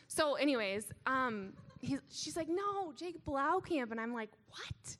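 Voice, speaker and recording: Young woman telling her side of the story, high voice, chatty and laughing. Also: expressive, a little slow, a bit bright. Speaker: co-speaker, wife. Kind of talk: storytelling to a live audience.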